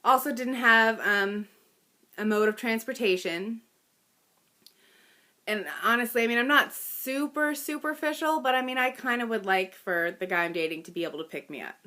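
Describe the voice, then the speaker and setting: A woman in her thirties tells a personal story in a casual, chatty way. Her voice is bright and clear, and her tone is self-deprecating, with little laughs and fillers along the way. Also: a little high, normal speed.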